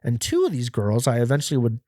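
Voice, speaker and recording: A man's voice: medium pitch, wildly swooping pitch, fast, dark tone, dry recording, clean studio sound. A man hosting a podcast and telling a story in casual speech. He rambles, swears heavily and laughs often. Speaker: podcast host.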